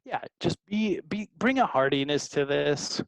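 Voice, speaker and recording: A man talking as a sales guest, animated, often tagging his points with "right?" and acting out callers' lines. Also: a little high, unhurried, gravelly, no echo, low-quality recording. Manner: animated, tag questions, acts out callers. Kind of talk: energetic interview talk.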